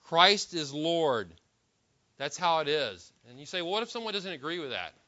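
A man delivers a sermon with a bright, forceful voice pitched a little high. He preaches emphatically, restarting phrases and posing rhetorical questions. The recording is dull and lo-fi. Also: big pitch swings, fast. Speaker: pastor.

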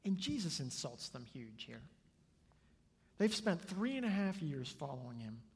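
Male pastor, sermon. Husky, fairly high, earnest, long hall reverb. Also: sing-song, measured pace. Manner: earnest, shifts between soft and loud.

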